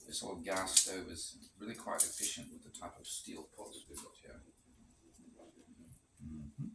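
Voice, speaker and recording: In an unhurried, low-pitched voice, a cooking vlogger rambles casually with wry remarks while cooking in a rental kitchen that has a gas stove. Background noise includes a pot boiling, and the sound is roomy and distant.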